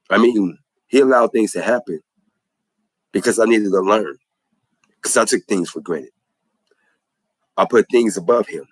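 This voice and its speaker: A man's voice: lowish voice, measured pace, pauses often, husky, dry recording, low-quality recording. A man giving an impassioned religious testimony in a preacherly way, repeating phrases for emphasis.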